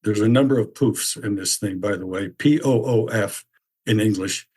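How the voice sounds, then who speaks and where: A man's voice: on the low side, normal speed, darkish tone. A man in his seventies telling a reflective personal story as a podcast host, musing aloud with many questions to himself. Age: 70s. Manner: musing, full of rhetorical questions.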